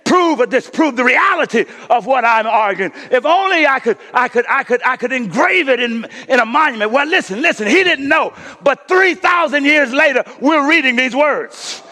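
A man's voice: extremely high pitch, expressive, normal speed, few pauses, sharp tone. A man preaching a sermon as pastor, urging his congregation on with repeated calls of "come on now.". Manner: preaching with call-and-response, repeated 'come on now'. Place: church sanctuary. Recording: reverberant hall.

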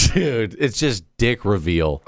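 A man's voice: on the low side, huge pitch swings, slow, no echo, studio quality. A man co-hosting a podcast, trading crude jokes and laughing often in casual chat. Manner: crude joking, frequent laughter. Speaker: podcast co-host.

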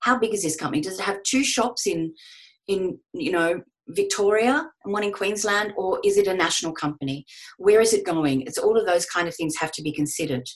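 A woman's voice: medium pitch, fairly quick. A woman answering questions on a video call, giving frank, conversational advice to voice actors. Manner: frank, conversational, restarts often. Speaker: voice-over panel host. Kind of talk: webinar Q&A advice.

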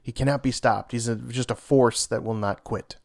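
A man with a mid-pitched voice chats casually about comics on a podcast. He reacts with enthusiasm and open shock to the story beats, often stopping to ask his co-host questions. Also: steady tone, normal speed, creaky. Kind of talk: casual chat.

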